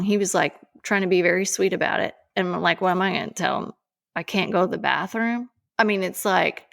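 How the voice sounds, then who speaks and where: A woman in her forties, a podcast co-host, telling a personal story in an emphatic, animated way. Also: on the low side, fairly quick, gravelly.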